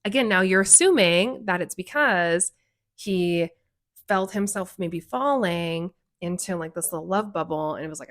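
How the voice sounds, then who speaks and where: A woman with a fairly low voice talks through a show in relaxed co-host chat. She strings thoughts together with "like" and keeps things loose and conversational. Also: moderate pace. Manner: chatty, leans on "like", acts out characters' lines. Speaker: co-host reviewing a TV series. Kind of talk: casual conversational review.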